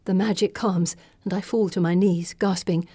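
Mellow woman narrating dramatically. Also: fairly low pitch, fairly even intonation, moderate pace, husky, dry recording. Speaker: audiobook narrator. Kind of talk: scripted first-person narration.

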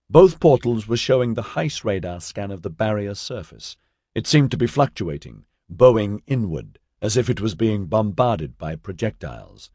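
A man narrating an audiobook in a measured storytelling manner, voicing all the characters. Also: lowish voice, sing-song, darkish tone, slightly rough, dry recording, studio quality. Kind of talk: scripted narration.

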